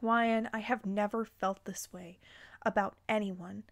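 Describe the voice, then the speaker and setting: A woman voicing a devoted male elf, in a soft, gentle tone. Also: mid-range voice, fairly even intonation, measured pace, gravelly. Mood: tender.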